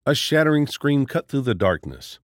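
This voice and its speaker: A man reading a horror story aloud as narrator in a steady, dramatic storytelling manner. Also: mid-range voice, normal speed, no echo, studio quality.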